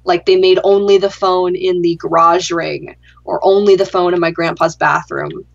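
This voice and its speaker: A young adult woman with a low, gravelly voice that sinks into vocal fry, chatting casually while she plays. She tells a story in a dry, sarcastic way and swears without hesitation. The recording sounds dull and lo-fi. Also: animated, moderate pace. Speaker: gaming channel host.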